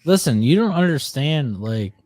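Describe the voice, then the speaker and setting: Brief: joking male co-host, mid-pitched with a lively range, crude banter, dry close mic. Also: moderate pace, no echo. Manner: joking, profane, laughs a lot. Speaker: podcast co-host.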